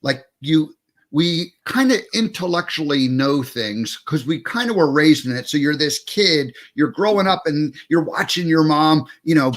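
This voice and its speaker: Higher-voiced man hosting a chat. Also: expressive, moderate pace, fairly bright tone. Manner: thoughtful, loose musing with fillers. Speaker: host. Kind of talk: casual interview chat.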